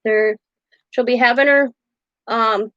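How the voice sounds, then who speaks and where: A woman's voice: a little high, fairly even intonation, takes it slowly, fairly bright tone, no room sound. Chatty older woman, dull dry sound. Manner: chatty, laughs often, acts out quotes. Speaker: craft channel host. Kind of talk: casual live-stream chat.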